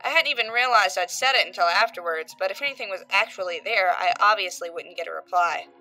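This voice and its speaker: A woman narrating a creepypasta horror story, voicing its characters with shifts in pitch and loudness. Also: quick pace, low-quality recording. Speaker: creepypasta reader. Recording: faint background music.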